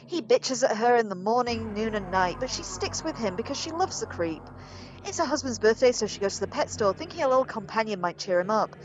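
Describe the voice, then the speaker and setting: A woman's voice: a little high, animated, brisk, rough recording. A woman playing a video game, reading its emails and jokes aloud with casual, wry remarks. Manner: casual, wry, reads jokes with put-on voices. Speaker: let's play gamer.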